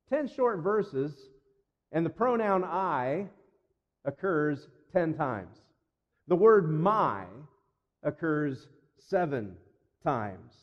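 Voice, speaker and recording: A man preaching a sermon in an earnest, emphatic way, repeating phrases and slowing down for weight. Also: a little high. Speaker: pastor. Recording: dull sound with long reverb.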